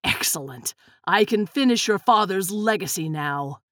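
A woman's voice: medium pitch, expressive, unhurried, fairly bright tone, dry recording, clean studio sound. Woman doing a cold sneering male villain. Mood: gloating. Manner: sneering, menacing. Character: cold scheming male villain, grown man.

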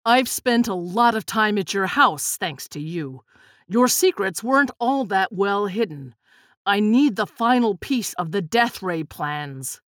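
A woman's voice: mid-range voice, animated, slow, fairly bright tone, no echo, studio quality. A woman voicing a cold, scheming male villain in a storybook reading, speaking with a sneer. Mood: menacing. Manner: sneering, menacing.

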